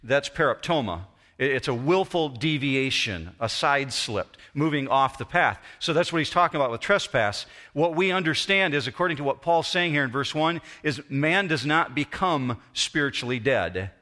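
A man's voice: medium pitch, expressive, normal speed, few pauses, bright, forceful tone. A man preaching a sermon in a church auditorium, praying earnestly and explaining scripture in an explanatory, storytelling way. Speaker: pastor. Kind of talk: sermon with prayer.

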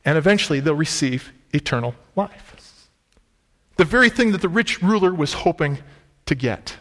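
A man's voice: a little high, animated, moderate pace, a bit bright. A man preaching a sermon, retelling scripture in casual everyday words, with an emphatic, conversational delivery. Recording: reverberant hall.

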